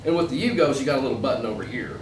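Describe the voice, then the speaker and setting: A man's voice: mid-range voice, racing. A man co-hosting a casual gun show, rambling through stories and explanations. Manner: rambling, storytelling with acted quotes. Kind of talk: casual chat. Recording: echoey, from far off, faint noise.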